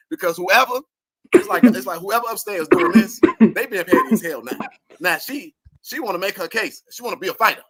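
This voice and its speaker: A man's voice: high voice, fast, breathy edge, no echo. A man giving a fired-up commentary rant, cussing and laughing as he talks to his viewers. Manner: animated, cussing, laughing often. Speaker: online commentator.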